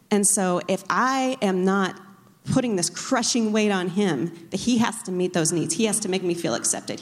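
A woman speaking casually at a church talk, chatty and self-deprecating as she tells a personal story. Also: medium pitch. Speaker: co-speaker, pastor's wife. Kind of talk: casual sermon talk with anecdotes. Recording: long reverb of a large hall.

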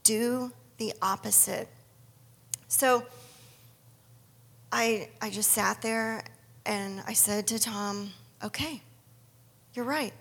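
A woman's voice: mid-range voice, level tone, very slow, gravelly, pauses often, fairly bright tone, long reverb tail. A middle-aged woman giving an earnest personal faith testimony, telling her story and acting out her own inner dialogue. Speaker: speaker sharing a faith testimony.

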